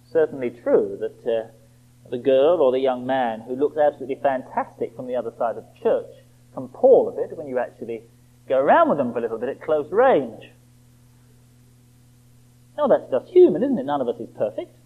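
A man preaching a sermon, emphatic and rhetorical, slowing right down for quoted scripture. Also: medium pitch, very animated. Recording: tinny phone-like band.

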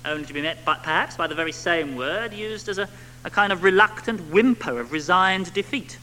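A man preaching a sermon to a congregation, animated, with rhetorical tag questions and little acted-out quotes. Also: sits high, fairly quick, slight background noise, low-quality recording.

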